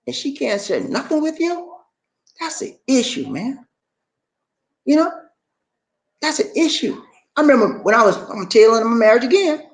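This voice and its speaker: A man giving relationship advice on a live stream, preachy and animated, speaking straight to his viewers and acting out quotes. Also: very high-pitched. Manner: acts out quoted voices in his talk.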